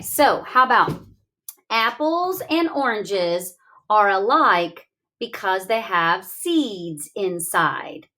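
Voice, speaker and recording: A woman's voice: mid-range voice, fairly bright tone. A woman teaching a reading lesson, talking through examples and coaxing young students with questions. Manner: slow, coaxing, asks questions aloud. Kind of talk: classroom literacy lesson.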